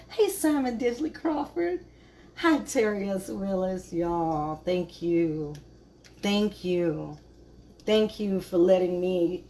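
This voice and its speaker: Slow, chatty woman cooking live. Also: fairly low pitch, creaky, dark tone, a little hiss or hum. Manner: chatty, greets viewers by name, trails off with fillers. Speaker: cooking show host. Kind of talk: casual live-stream cooking chat. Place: home kitchen.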